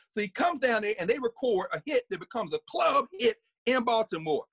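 A man giving a conversational lecture, animated and laughing often, sometimes singing snippets and acting out voices. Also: extremely high pitch, brisk, few pauses, slightly rough, dry recording.

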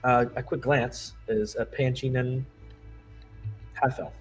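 A man narrating as game master, describing scenes in a relaxed way with frequent pauses and fillers. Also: mid-range voice, faint music behind, rough recording.

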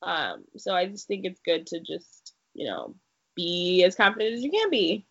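A woman's voice: on the low side, big pitch swings, moderate pace, creaky. A young woman co-hosting a podcast in casual chat, saying "like" all the time. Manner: chatty, says "like" constantly. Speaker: podcast co-host. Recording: dull lo-fi sound.

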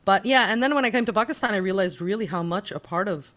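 A speaker raised in the United States, telling a story in a casual panel conversation and acting out the quoted dialogue with lively energy. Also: mid-range voice, quick pace. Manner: animated storyteller who acts out quoted dialogue.

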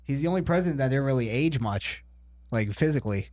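A man's voice: mid-range voice, expressive, fast talker, darkish tone. A man co-hosting a podcast in casual chat, joking around, swearing and laughing often. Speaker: podcast co-host.

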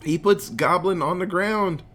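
A podcast co-host giving an excitable, profane, casual movie recap. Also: mid-range voice, measured pace. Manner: excitable, profane, laughing often.

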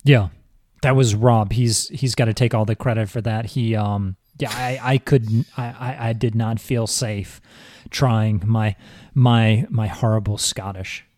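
Male podcast host, fairly low voice, halting explainer, dry mic. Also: steady tone, a little mellow, dry recording. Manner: halting, many restarts, explaining history. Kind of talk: casual chat.

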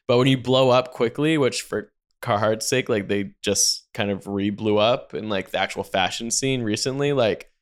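A young man co-hosting a podcast in casual chat, rambling and animated, full of "like" and casual swearing. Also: lowish voice, normal speed, few pauses, smooth. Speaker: podcast co-host.

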